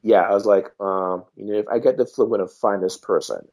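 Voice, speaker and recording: A man from Trinidad and Tobago, a podcast guest telling animated travel anecdotes and acting out the people he met. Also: on the low side, a little fast. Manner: animated, acts out quoted voices. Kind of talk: casual storytelling chat.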